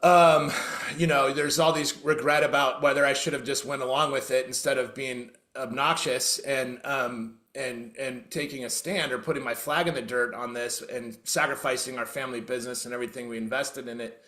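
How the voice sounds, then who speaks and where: A man's voice: medium pitch, steady tone, normal speed, bright, forceful tone. A middle-aged man from Oregon telling his story as a podcast guest, candid and emotional, swearing freely and often restarting his sentences. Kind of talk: conversational interview storytelling. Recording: roomy echo.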